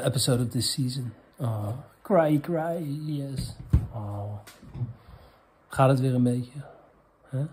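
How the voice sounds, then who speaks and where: A native Dutch speaker with a Dutch accent hosts a comedy vlog, reading viewer questions aloud in a crude, rambling, stop-start manner. His voice is medium-pitched and mellow.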